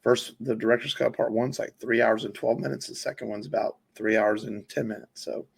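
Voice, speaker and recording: A man with a gravelly, husky voice talks casually on a podcast. He rambles and circles back with plenty of ums and restarts, at an ordinary pitch. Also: fairly even intonation, brisk. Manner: rambling, many fillers and restarts. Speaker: podcast co-host. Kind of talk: casual film chat.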